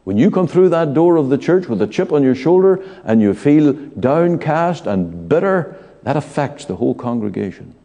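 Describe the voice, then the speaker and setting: A man preaching an evening sermon in a church, slow and emphatic with dramatic pauses. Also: on the high side, big pitch swings, dark tone. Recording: long church hall reverb.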